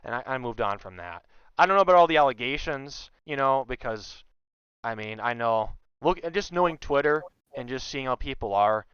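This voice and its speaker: A young man telling a story in casual chat, animated and loudly acting out what others said. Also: medium pitch, normal speed, clear, resonant tone, no room sound, muffled recording. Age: young adult. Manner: animated, acts out quotes loudly. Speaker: guest.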